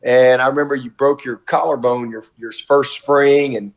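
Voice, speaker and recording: A man's voice: medium pitch, steady tone, moderate pace. Middle-aged man, college coach type, folksy and effusive, video-call audio. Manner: warm, effusive, repetitive, folksy. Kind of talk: heartfelt video-call tribute.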